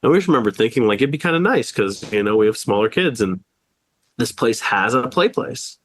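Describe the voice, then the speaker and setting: Sick and just out of bed, a man co-hosts a casual podcast, rambling through anecdotes, acting out quotes and laughing often. His mid-range voice is brisk with lively intonation and no echo.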